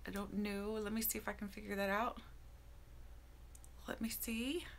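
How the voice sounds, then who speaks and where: A woman hosting a casual beauty live stream from home, greeting viewers by name. Her voice is slightly hoarse and tired. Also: mid-range voice, fairly even intonation, normal speed, a little hiss or hum.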